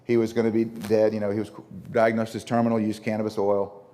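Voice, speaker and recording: A man with a northern Louisiana accent presents a lecture at a conference, talking through his slides. His voice sits fairly low, and he keeps a conversational tone, repeating words as he restarts sentences and putting questions to the audience. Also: flat delivery, quick pace, warm tone. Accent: Northern Louisiana (Shreveport).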